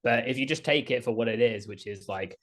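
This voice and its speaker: Laid-back guy cohosting a podcast, swears a lot, thinking out loud. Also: mid-range voice, brisk. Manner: swearing, easygoing, thinks aloud. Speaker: podcast co-host. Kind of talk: casual chat.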